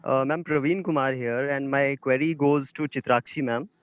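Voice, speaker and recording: A man's voice: mid-range voice, fairly even intonation, normal speed, highs cut off, a little hiss or hum. A young man with an Indian English accent asking a question over a video call, hesitant and full of fillers.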